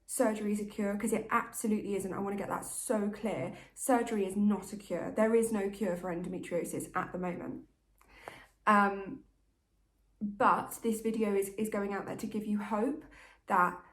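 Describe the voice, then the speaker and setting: In an echoey room, a woman with a mid-range voice vlogs to camera. Her manner is casual, candid and chatty, the way you'd talk to a best friend.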